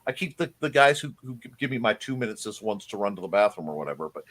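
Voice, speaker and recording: A man's voice: lowish voice, very animated, quick pace, a bit bright. A man hosting a live-streamed show, chatting casually and enthusiastically, rambling with frequent restarts and laughter.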